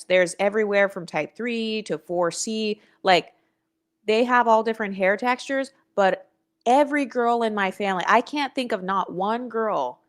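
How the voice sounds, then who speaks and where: Blunt, sassy woman streaming live. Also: mid-range voice. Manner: blunt, sassy, swears freely, reads chat aloud. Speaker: livestream host. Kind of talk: casual livestream commentary.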